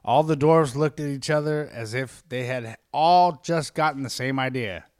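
A man's voice: mid-range voice, moderate pace, a little mellow, dry recording, clean studio sound. A young man hosting a podcast, reading a story aloud in a comic dramatic style with crude, joking asides.

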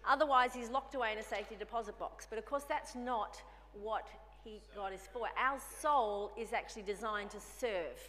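Woman preacher, higher voice, bright and forceful, conversational sermon, reverberant church hall. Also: moderate pace. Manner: conversational, acts out dialogue with herself.

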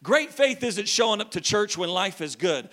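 Man, preacher, high voice, lively storytelling, shouts at times. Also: moderate pace. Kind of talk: sermon.

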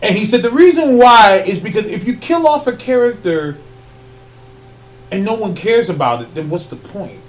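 A man co-hosts a casual podcast chat, animated and laughing often, filling pauses with ums. When excited, his voice rises loud and high.

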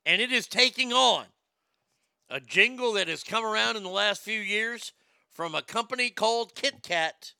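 A middle-aged man hosting a comedic show segment, ranting loudly and profanely and repeating himself. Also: high-pitched, normal speed, gravelly, clean tone, no echo, clean studio sound. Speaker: show host.

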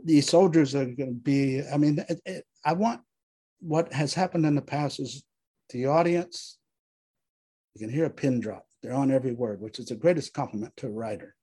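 A man, a writer, talking animatedly about his stage work in an interview, with halting restarts. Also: mid-range voice, dark tone, breathy edge. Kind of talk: casual interview talk.

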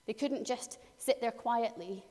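A woman preaching a sermon, telling the story in a lively way and acting out voices. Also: on the high side, a little slow, in a large hall.

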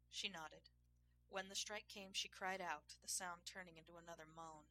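A woman narrating an erotic audio story in a slow, hushed, intimate reading. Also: on the low side, fairly even intonation.

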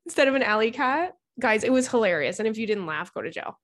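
A woman's voice: a little high, big pitch swings, normal speed. A woman comedian hosting a casual chat show, talking in a rambling, chatty way full of "like" and casual swearing. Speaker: podcast host and comedian. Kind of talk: casual chat and reading listener letters.

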